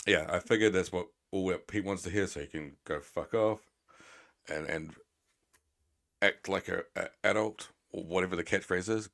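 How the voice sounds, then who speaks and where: A man streaming live, rambling and teasing his chat with plenty of swearing. His voice sits very low, and the sound is dry and close. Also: moderate pace, vocal fry, fairly bright tone, no echo.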